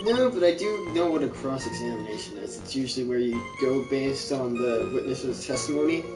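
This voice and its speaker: A man's voice: mid-range voice, expressive, fairly quick, roomy sound. A man chatting casually with dry, teasing remarks while a friend plays. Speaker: friend watching the game. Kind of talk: casual chat. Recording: distant mic, music behind.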